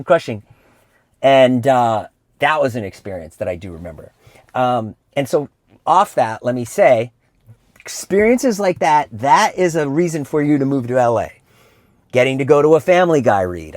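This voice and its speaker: A middle-aged man vlogging in a casual sit-down chat, telling stories in an animated way and slipping into quick impressions. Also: medium pitch, no room sound. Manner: chatty and animated, slips into impressions. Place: indoor room.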